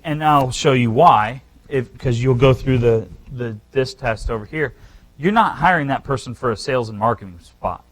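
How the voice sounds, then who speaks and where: A man's voice: mid-range voice, rough recording. Emphatic male real estate instructor. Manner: animated, emphatic, talks straight to the room. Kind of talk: live seminar teaching.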